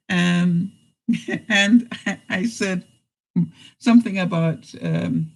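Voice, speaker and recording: A woman's voice: fairly low pitch, rough recording. Chatty woman vlogger. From Canada. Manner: chatty and blunt, laughing often. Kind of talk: casual live chat to viewers.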